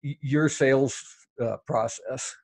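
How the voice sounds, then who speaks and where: A man hosting a podcast, introducing his guest and asking questions with halting, stammering starts. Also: medium pitch, steady tone, a little mellow. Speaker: podcast host. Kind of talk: casual interview.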